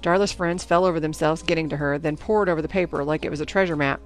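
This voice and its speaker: A woman reading a novel aloud in first-person narration, with an even storytelling delivery. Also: deep voice, fast, faint music behind. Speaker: audiobook narrator.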